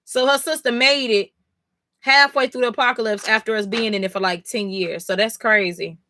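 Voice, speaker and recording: A woman's voice: a little high, steady tone, moderate pace, bright, forceful tone, a little hiss or hum. A woman reading comics live on stream, reacting emphatically, swearing and talking straight to her chat.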